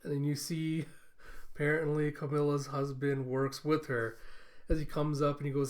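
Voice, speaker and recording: A man's voice: on the high side, level tone, normal speed. A man hosting an anime reaction, recapping the episode in a chatty, amused way. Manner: chatty, amused, laughs often.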